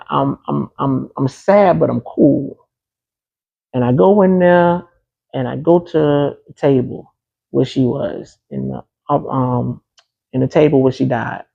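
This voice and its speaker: A man's voice: on the high side, gravelly, husky, phone-quality sound. A man being interviewed, telling a personal story in a casual, emphatic way, often repeating key phrases. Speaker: interview guest.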